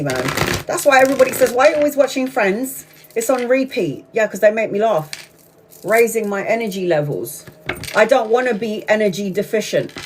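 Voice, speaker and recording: A woman's voice: mid-range voice, slight background noise. A woman tarot reader hosting a live stream, chatting casually, telling a story bluntly with lots of swearing and frequent laughter. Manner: profane, blunt, animated storyteller; laughs often while talking.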